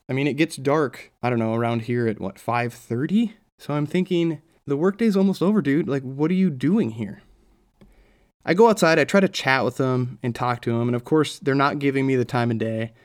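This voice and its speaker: Male solo podcast host, casual storyteller, frustrated and wry, medium pitch. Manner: animated storytelling, exasperated asides, casual swearing.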